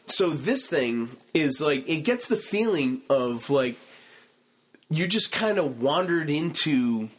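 A man's voice: a little high, slow. A man hosting a podcast, telling stories in a casual, profane way with lots of fillers. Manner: animated, profane storytelling with many fillers. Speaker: podcast host. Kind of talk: casual chat.

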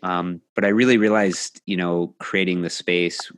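A middle-aged man, a coach hosting a casual podcast conversation, talking in a reflective, measured way with many pauses. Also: low voice, steady tone, a bit bright, no echo. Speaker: coach and host.

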